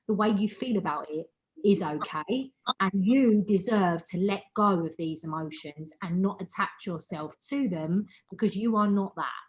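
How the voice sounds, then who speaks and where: A woman's voice: medium pitch, normal speed. Earnest woman hosting a video call. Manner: earnest, emotional, repeats words for emphasis. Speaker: host of an online women's wellbeing meeting. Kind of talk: heartfelt motivational talk on a video call.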